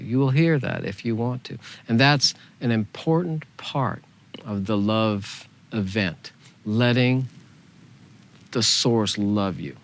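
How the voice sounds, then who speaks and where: A man teaching a spiritual meditation in a gentle, unhurried way, softly repeating phrases. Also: mid-range voice.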